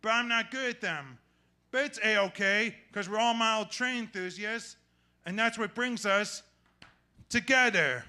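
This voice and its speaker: A man gives a short, earnest monologue from a small club stage. His voice is high, very bright and clear, and his phrasing is simple and sincere. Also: measured pace. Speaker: storyteller performer.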